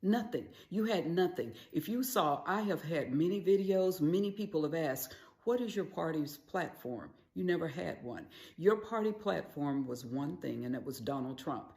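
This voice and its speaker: A woman's voice: deep voice, lively intonation, normal speed, gravelly, hardly any pauses, darkish tone, echoey room. A woman giving political commentary, directly accusing her opponents. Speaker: conservative commentator.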